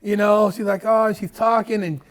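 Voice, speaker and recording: A man's voice: high voice, moderate pace. A man guest in a casual conversation, telling stories with lots of swearing and acting out what other people said. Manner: profane, animated, acts out other people's lines. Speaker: podcast guest.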